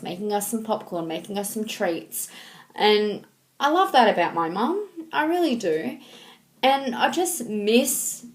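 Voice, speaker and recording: A woman in her thirties talking to her viewers in a casual, heartfelt way, halting and sentimental, with frequent ums and restarts. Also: medium pitch. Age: 30s. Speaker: vlogger. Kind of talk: casual heartfelt talk to camera.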